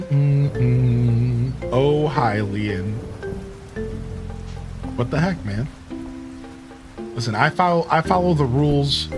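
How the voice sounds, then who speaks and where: A man from Ohio with a Midwestern accent, a streamer chatting playfully with his live chat while he plays, teasing and laughing often. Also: mid-range voice. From Ohio, USA.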